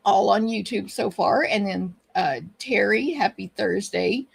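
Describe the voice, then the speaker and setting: A middle-aged woman from Texas, with a Texan accent, runs a casual live stream, chatting and welcoming viewers individually by name. She hosts the stream and teaches papercraft. Her medium-pitched voice is creaky with a breathy edge, and she keeps a measured pace.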